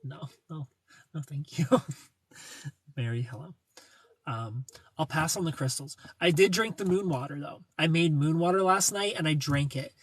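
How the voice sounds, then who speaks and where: A man's voice: fairly high pitch, a little slow, slightly rough. A young man hosting a casual livestream, reading viewer comments and joking playfully, greeting people by name. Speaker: livestream host reading chat.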